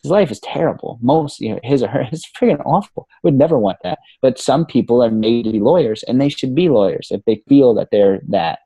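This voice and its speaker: A coach appearing on a podcast speaks briskly and with animation in a mid-range voice that is dark, husky, and edged with vocal fry. He rarely pauses, swears freely, and keeps saying "man" and "you know" in this dry-sounding casual interview.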